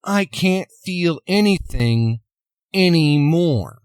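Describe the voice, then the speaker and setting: A man's voice: mid-range voice, very animated, a little slow, no room sound. A man doing a distraught young woman.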